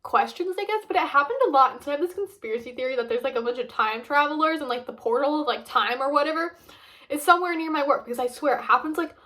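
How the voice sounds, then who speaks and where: Chatty young woman with high voice. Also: fast, pushed and bright. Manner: chatty, rambling with many fillers. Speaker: vlogger. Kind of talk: casual chat and food review.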